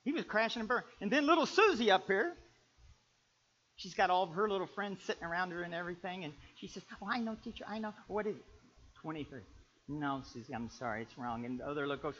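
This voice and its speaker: A man preaching a sermon on marriage, animated, swinging between loud exclamations and quiet storytelling. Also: high-pitched, fast, slight background noise. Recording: muffled lo-fi recording.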